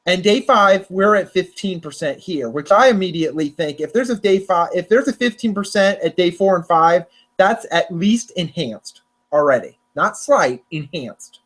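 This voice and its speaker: A man's voice: high voice, expressive, normal speed, hardly any pauses, a bit bright. A young man hosting a casual chat, rambling with lots of restarts and self-corrections. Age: young adult. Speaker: podcast host. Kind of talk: casual chat about storm forecasts.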